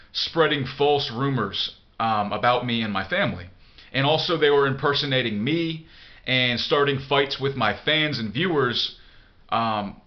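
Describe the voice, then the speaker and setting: A man's voice: mid-range voice, muffled recording. A man in a casual vlog monologue answering a viewer email, blunt and profane, rambling with lots of fillers. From United States. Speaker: vlogger.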